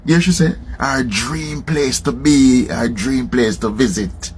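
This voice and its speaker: A man with a Jamaican accent from Jamaica, telling a travel story in casual patois with lively emphasis. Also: mid-range voice, slow pace, a little hiss or hum. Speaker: traveler sharing his story.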